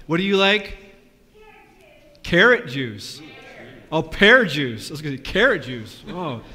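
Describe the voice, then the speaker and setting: A man leading a lively children's sermon, asking the kids questions in a church with a balcony. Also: fairly high pitch, measured pace. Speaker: pastor. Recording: long reverb of a church.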